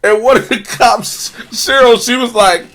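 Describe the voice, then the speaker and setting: A man co-hosting a casual review, jumping in excitedly with quoted lines and laughter. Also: very high voice, unhurried. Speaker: co-host reviewing an episode. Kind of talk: casual recap chat.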